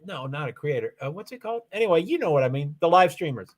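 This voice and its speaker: A man's voice: on the high side, big pitch swings, quick pace. A man streaming live and answering chat in a rambling, self-correcting way, full of fillers. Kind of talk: casual livestream chat.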